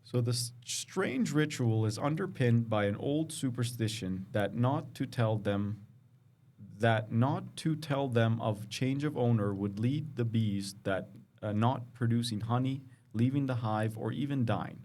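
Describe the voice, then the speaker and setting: A man's voice: medium pitch, unhurried, a little mellow. Man reading news with stumbles. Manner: stumbles and corrects himself while reading. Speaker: podcast co-host. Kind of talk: casual chat, reading a news story aloud.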